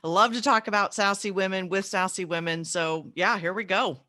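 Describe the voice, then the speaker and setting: A woman psychotherapist talking as a guest in an interview, energetic and emphatic, now and then clearing her throat. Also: medium pitch, fairly quick, no room sound, clean studio sound. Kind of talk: casual interview chat.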